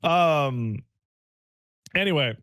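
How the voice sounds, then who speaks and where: A man's voice: fairly high pitch, extremely slow, a little hiss or hum. A man co-hosting a casual podcast, telling a story with lots of swearing and acted-out bits of dialogue. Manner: animated storytelling, swearing, mock dialogue voices. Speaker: podcast co-host. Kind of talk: casual podcast chat, game recap.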